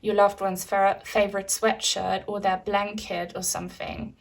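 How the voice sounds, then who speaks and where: A woman's voice: medium pitch, little pitch movement, moderate pace, vocal fry. Woman, tarot reader, casual reading to camera, chatty, lots of ums. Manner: chatty, addresses viewers as guys, frequent ums.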